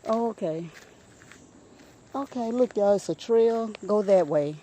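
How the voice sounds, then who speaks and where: Out on a nature trail, this woman vlogger chats casually with her audience through a handheld phone, breathing hard and repeatedly calling them y'all. She speaks slowly at a medium pitch with a dark tone, and there's slight background noise.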